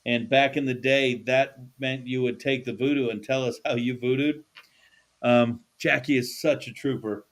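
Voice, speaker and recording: A man's voice: medium pitch, steady tone, moderate pace. A male podcast host chatting casually in a studio. His talk is loose and laid-back, peppered with swearing and frequent laughs. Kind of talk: casual chat.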